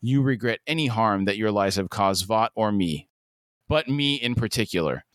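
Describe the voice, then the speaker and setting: A man's voice: lowish voice, expressive, moderate pace, a bit bright, dry recording, clean studio sound. A man voicing an arrogant, menacing superhero while reading a scene.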